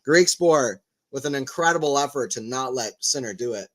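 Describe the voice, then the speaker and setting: A man's voice: mid-range voice, normal speed, hardly any pauses. A man giving casual live play-by-play tennis commentary, chatting and rambling between rallies and lifting his voice on big points.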